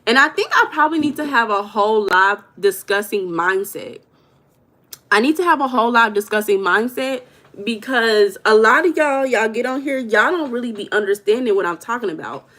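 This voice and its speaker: A Southern-accented woman hosting a casual livestream reads her chat aloud and addresses viewers directly as "y'all," chatty and direct throughout. Her voice is fairly high, animated, bright and forceful, at a moderate pace.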